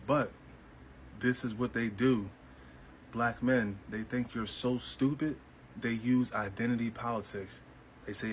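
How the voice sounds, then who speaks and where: A man's voice: mid-range voice, fairly even intonation, unhurried, long pauses, a little hiss or hum, poor audio. A man co-hosting a podcast, talking bluntly and dismissively. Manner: blunt, dismissive, direct address. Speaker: podcast co-host. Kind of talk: podcast commentary.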